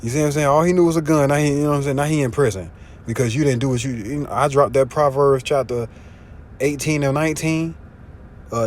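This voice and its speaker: A man preaching informally, slangy and profane, often asking if you see what he's saying, and reading scripture louder. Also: fairly even intonation, fast talker, slight background noise. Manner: louder and higher when reading scripture aloud. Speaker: street preacher. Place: in a car. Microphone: phone.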